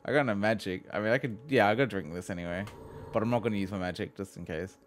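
A young man giving profane, excitable let's play commentary, laughing and mocking as he plays. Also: fairly low pitch, quick pace, slight background noise. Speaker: gaming video host.

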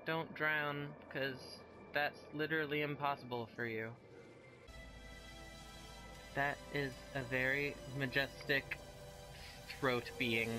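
A man's voice: medium pitch, fairly even intonation, slow, pauses often, music in the background. A man giving casual, playful commentary while playing a game and chatting to the creatures on screen. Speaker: gaming video host.

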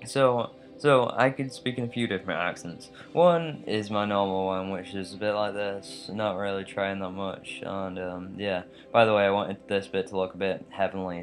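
Low-voiced English let's play host, slightly American-tinged, rambling gameplay voiceover over faint music. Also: male voice. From England. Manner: rambling and chatty, with many fillers and tangents.

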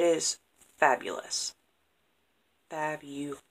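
Slow, gravelly woman gushing over crafts. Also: low voice, poor audio. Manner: gushing, excitable, repeats praise words. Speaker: craft vlogger opening happy mail. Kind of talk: casual chat to camera.

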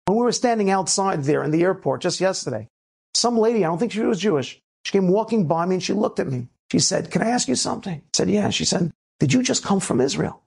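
A man from the United States gives an inspirational talk as a rabbi. His voice is gravelly and a little husky. He tells his stories in lively low asides and then presses his point in emphatic preaching. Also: fast talker. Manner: animated storyteller, swings between low asides and emphatic preaching.

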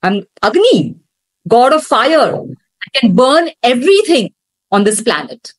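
A woman's voice: a little high, sing-song, takes it slowly, exaggerated voice, rough recording. A woman voicing a proud, boastful male fire god while telling a scripture story.

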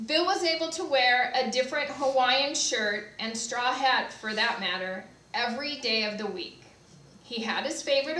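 A woman's voice: a little high, a bit bright. A woman who manages staff at a senior care community tells heartfelt stories in a eulogy at a memorial service. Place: church sanctuary. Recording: echoey church from far off, faint hiss.

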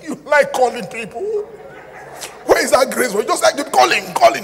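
A middle-aged pastor with a high, lively voice that has a gravelly edge. He preaches with bright, forceful energy, often breaking into jokey dialogue. The sound carries a long reverb from a large church hall, with faint crowd ambience behind it. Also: fast. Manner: animated, jokey, shouts and acts out dialogue. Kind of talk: sermon.

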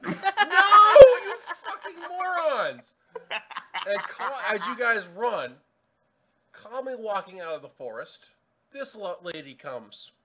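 A man narrating as game master in a tabletop game, telling the story in an animated way. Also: sits high, measured pace, a little hiss or hum.

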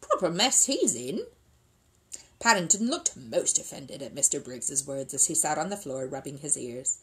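A woman reading a children's book aloud in an expressive, lilting way. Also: a bass voice, moderate pace, rough recording. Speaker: reader.

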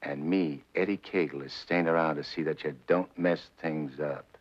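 A middle-aged actor playing a tough gangster back from the dead, talking in slangy, sardonic menace in 1940s film style. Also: male voice, extremely low pitch, steady tone, normal speed. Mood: cocky. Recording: muffled 1940s film soundtrack with score.

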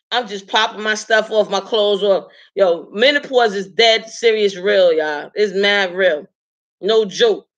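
A woman in her late forties talks straight to her audience in a casual, animated chat, leaning hard on her points and breaking into laughter often. Her voice is bright and sharp-edged, at a middling pitch. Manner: laughs often while telling stories. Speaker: live stream host.

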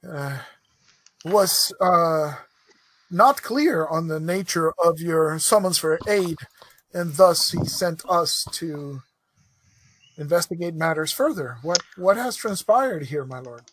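A man's voice: fairly high pitch, expressive, takes it slowly, fairly bright tone, slight background noise. A man playing a tabletop game, speaking formally and hesitantly in character as a ranger. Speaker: player. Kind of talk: in-character tabletop role-play.

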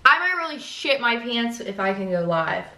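A woman's voice: fairly high pitch, very animated, normal speed, bright, forceful tone, echoey room, distant mic. A young woman talking casually to the camera in a vlog, rambling and swearing as she chats about her day. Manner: rambling, swears casually, fillers and self-talk. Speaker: vlogger.

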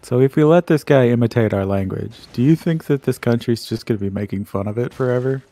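A man with a gravelly, fry-edged voice at a middling pitch. He teases his co-player playfully through a casual game stream. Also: fast talker, warm tone, no room sound. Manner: playful, teasing. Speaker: co-op gamer on stream. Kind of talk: casual gaming banter.

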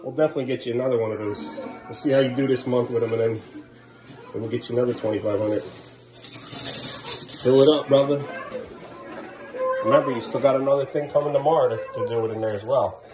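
A father vlogger speaks fairly quickly in a steady tone, pausing often, as he films his young sons in the kids' bedroom. Recorded as a noisy home video, his chat is playful sing-song baby talk that often rises up high.

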